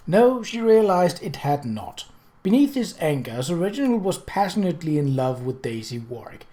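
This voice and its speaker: A woman narrating a novel in a measured, even reading voice. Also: lowish voice. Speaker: audiobook reader. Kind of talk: storybook narration.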